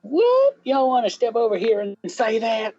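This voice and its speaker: Man doing a brash Southern woman, high twang. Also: wildly swooping pitch, normal speed, mellow, highs cut off, a little hiss or hum, heavily acted. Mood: challenging.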